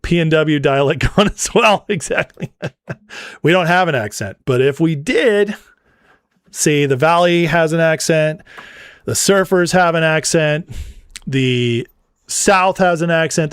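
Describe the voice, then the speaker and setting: A man's voice: on the high side, a little slow, clear, resonant tone, no echo, studio quality. A man from Northern California hosting a livestream. He reads out viewer comments and answers them with playful, mock-indignant teasing. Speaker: livestream political commentary host. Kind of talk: casual livestream chat reading viewer comments.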